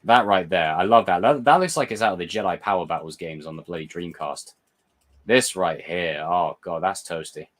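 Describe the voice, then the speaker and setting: A young man hosting a live chat, excitable and swearing, answering viewer comments. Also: low-pitched, moderate pace. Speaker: livestream host reviewing a TV episode. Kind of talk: casual live reaction chat.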